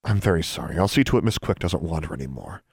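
Cold stern teacher woman, read by a man, very low, quiet and clipped, dry sound. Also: lively intonation, fast talker, vocal fry, breathy edge, no echo, heavily acted. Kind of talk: audiobook character voice.

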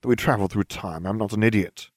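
A man's voice: lowish voice, quick pace, no echo, clean studio sound, natural voice. A man voicing a smug, condescending teenage boy wizard in an audiobook reading. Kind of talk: audiobook fan fiction reading.

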